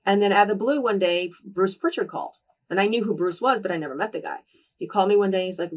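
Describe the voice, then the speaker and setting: A woman in her twenties as an interview guest, telling candid stories with lively quoted voices and frequent swearing. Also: medium pitch, fast, recorded from a distance. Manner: animated, acts out quoted voices, swears freely. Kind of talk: candid storytelling in a shoot interview.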